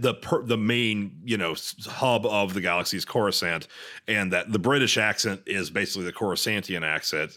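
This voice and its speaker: A man's voice: deep voice, pushed and bright. A man co-hosting a casual podcast, rambling through theories with many fillers and dry jokes. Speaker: podcast co-host.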